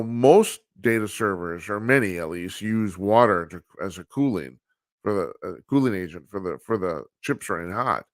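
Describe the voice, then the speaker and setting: A man's voice: lowish voice, no echo, studio quality. A man hosting a live talk show, giving casual political commentary in a blunt, rambling, profane way with frequent restarts. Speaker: radio talk show host. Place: studio, live broadcast with video calls.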